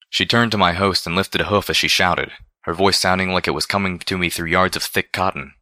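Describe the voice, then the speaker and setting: Deep, forceful male storyteller. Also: fairly even intonation, fairly quick, dry recording, studio quality. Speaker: audiobook reader. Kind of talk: first-person story narration.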